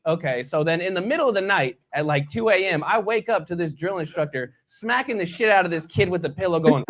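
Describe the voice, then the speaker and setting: A man with a somewhat high voice rattles off a funny story on a video call, quick and excited. His delivery is casual, with the energy of a friend jumping into the talk. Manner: quick, excited anecdote telling. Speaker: veteran panelist.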